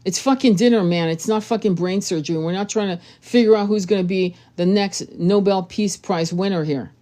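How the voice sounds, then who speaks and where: A woman's voice: mid-range voice, a little fast, warm tone. A woman tarot reader giving blunt, profane relationship advice in a casual monologue.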